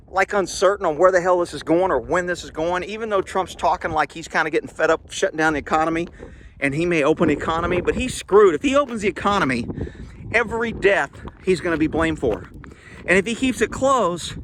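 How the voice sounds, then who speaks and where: A man's voice: sits high, noisy background. Rambling man, a bit breathless. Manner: rambling, blunt, chuckling asides. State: slightly out of breath. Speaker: vlogger. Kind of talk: casual walking monologue. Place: outdoors on rural property. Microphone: phone held while walking.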